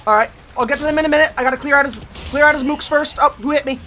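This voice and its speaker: High, bright-voiced excitable woman streamer. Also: rapid-fire, slight background noise. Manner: excitable, yells and curses at enemies, cheers. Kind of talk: live gameplay commentary.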